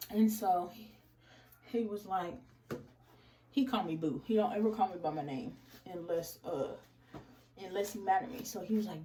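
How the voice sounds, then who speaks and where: A woman's voice: on the high side, normal speed, pauses often. A young woman casually telling a story, acting out the other people's lines in changed voices. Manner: animated, acts out each person's lines in changed voices; addresses listeners as "y'all". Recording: distant mic with faint noise.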